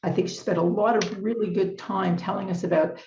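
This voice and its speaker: A middle-aged woman giving a formal lecture with slides at a conference, speaking in a measured, deliberate way and stressing key words. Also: medium pitch, steady tone, gravelly, a little mellow, slight background noise. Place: conference hall. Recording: roomy, slightly muffled hall recording.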